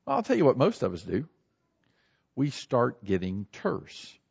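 Animated husky-voiced man preaching. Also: medium pitch, unhurried, highs cut off. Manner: animated, acts out everyday scenes with shifting voices. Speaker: pastor. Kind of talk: sermon.

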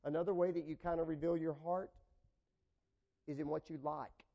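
A man preaching a sermon, swinging from loud, raised points down to quiet, low asides and acting out the people in his examples. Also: fairly even intonation, moderate pace, creaky, lo-fi sound. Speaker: pastor.

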